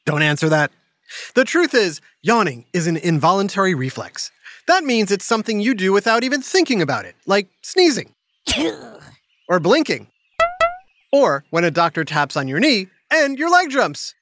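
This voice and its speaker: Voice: medium pitch, moderate pace. A host of a children's science show, narrating playfully and quizzing the listener with teasing asides and yawns. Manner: animated, teasing quiz-style delivery with yawns and sighs.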